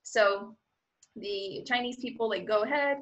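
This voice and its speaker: A woman's voice: medium pitch, a little slow, a bit bright, poor audio. A woman telling a personal story as a guest in a casual, chatty way, full of "like" fillers, acting out her own thoughts along the way. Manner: chatty, filler-heavy with frequent "like".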